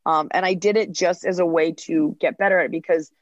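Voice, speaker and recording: A woman's voice: lowish voice, steady tone, no echo. Chatty woman comedian, dull dry sound. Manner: chatty, quick storytelling with acted-out quotes. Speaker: stand-up comedian, podcast guest. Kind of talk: casual interview talk.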